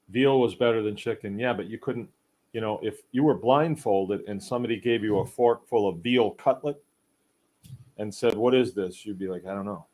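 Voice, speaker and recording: A man's voice: on the low side, lively intonation, moderate pace, pauses often, darkish tone. A middle-aged man hosting a casual chat, rambling in a folksy way and reading viewer comments aloud. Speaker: podcast host. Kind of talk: casual live-stream chat.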